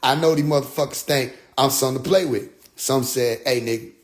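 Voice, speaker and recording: A young man recounting a personal story in a casual, profane way. He talks at a mid pitch, getting loud and animated at the heated moments, then drops low for quiet asides. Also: a little fast.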